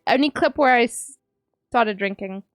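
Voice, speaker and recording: A woman's voice: on the high side, moderate pace, no room sound, studio quality. A woman streamer from England chatting casually with her stream chat, teasing and joking as she reads messages aloud.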